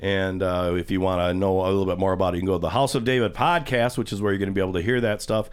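A man's voice: deep voice, fairly even intonation, racing, smooth. A man hosting a radio show, casually rambling and telling a long joke in a chatty way. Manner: rambling storyteller, chuckles. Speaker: radio host.

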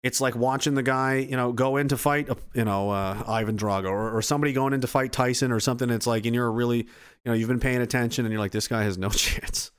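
A man talks in a loose, rambling monologue, swearing freely and breaking off mid-sentence to start again. His voice sits at an ordinary middle pitch for a man. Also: steady tone, fast talker, clear, resonant tone. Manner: profane, rambling, self-interrupting.

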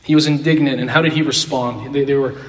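A man's voice: medium pitch, fairly even intonation, fast talker. Man teaching a Bible class in an echoey room. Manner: asks the class questions, repeats key phrases. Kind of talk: interactive Bible lesson. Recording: roomy echo, distant mic.

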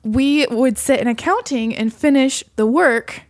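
A woman's voice: high voice, measured pace, dry recording, clean studio sound. Chatty woman acting out her stories. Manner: animated, acts out dialogue with lots of "like". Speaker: podcast co-host. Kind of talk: casual chat, storytelling.

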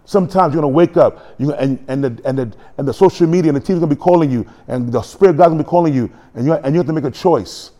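A man preaching a sermon in a church, animated and joking, acting out quotes as he goes. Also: a little high, rapid-fire, hardly any pauses. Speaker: pastor.

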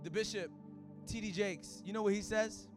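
A man preaching a sermon at a church service in casual, slang-filled talk that rises to shouts. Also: sits high, steady tone, moderate pace, over music. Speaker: pastor.

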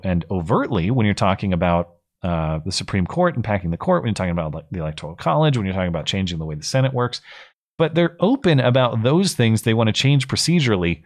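A man's voice: fairly low pitch, expressive, fairly quick. A man in his thirties hosting a live call-in stream, giving blunt, opinionated commentary with frequent restarts. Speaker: call-in show host.

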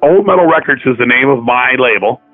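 A man telling stories in a casual chat, profane and animated, acting out the dialogue of the people he quotes. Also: mid-range voice, brisk, dry recording, faint music behind. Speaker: podcast guest, metal musician. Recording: tinny phone-line audio.

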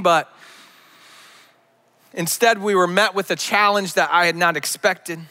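Bright, high-voiced man telling a story. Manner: storytelling, frequent word repeats. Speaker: pastor. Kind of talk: sermon with a personal story.

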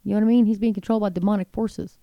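Middle-aged christian lady ranting about the news, gravelly, mellow dark tone, dry sound. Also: medium pitch, fairly even intonation, racing, no echo, highs cut off. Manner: impassioned, indignant, preachy; reads quotes aloud with running asides. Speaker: Christian commentary host. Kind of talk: casual religious commentary, reading news quotes.

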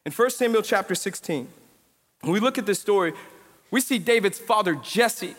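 High-voiced young pastor in a reverberant hall. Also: male voice, moderate pace. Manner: animated storytelling, casual slang, builds to emphatic preaching. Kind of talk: sermon. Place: church sanctuary.

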